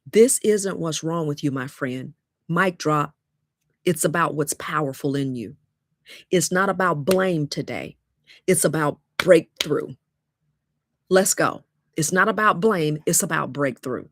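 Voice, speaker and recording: Brief: woman, fifties, low voice, dry close mic, preachy coach. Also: dry recording. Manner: preachy, call-and-response, emphatic repetition. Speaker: dating coach. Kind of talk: motivational livestream talk.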